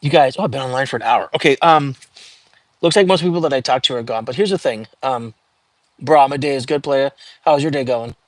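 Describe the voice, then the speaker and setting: A man talks casually to his livestream viewers in a middle-pitched voice, loose and full of fillers. The sound is dry and close, with no room echo. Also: brisk. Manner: chatty, frequent fillers, reads out viewer comments. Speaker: livestream host.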